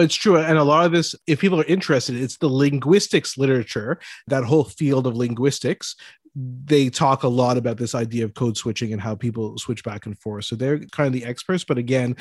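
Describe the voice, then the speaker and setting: Measured man co-hosting, dry sound. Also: mid-range voice, no room sound. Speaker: podcast co-host. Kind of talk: casual conversation.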